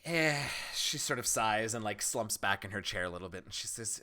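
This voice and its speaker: A man narrating as game master of a tabletop game, relaxed and descriptive. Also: lowish voice, normal speed, hardly any pauses. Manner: relaxed, descriptive, laughs easily.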